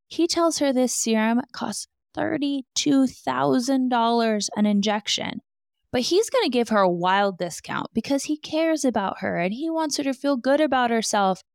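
A woman's voice: fairly high pitch, no echo, clean studio sound. Sarcastic woman telling a true crime story. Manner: sarcastic, incredulous asides. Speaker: true crime podcast host.

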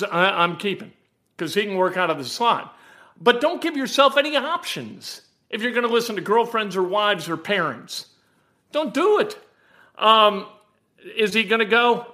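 A man hosting a sports talk show, giving emphatic, animated opinions on a football game. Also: high voice. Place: home.

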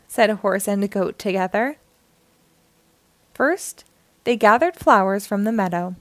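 A woman hosting a children's storytime, reading a picture book aloud in a slow, expressive and melodic way. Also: medium pitch, no echo. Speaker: storytime host.

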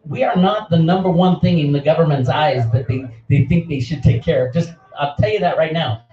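A man's voice: high-pitched, a little mellow. Fiery ranting man, roomy and distant. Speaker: online channel host. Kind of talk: impassioned speech. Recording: roomy, distant, dull lo-fi sound.

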